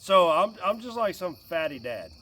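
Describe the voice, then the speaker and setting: A man in his late forties chatting casually and jokingly by a campfire outdoors, getting animated when quoting his kid. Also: high-pitched, normal speed, distant mic, a little hiss or hum. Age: 40s. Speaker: vlogger. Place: outdoors by a fire at night with crickets.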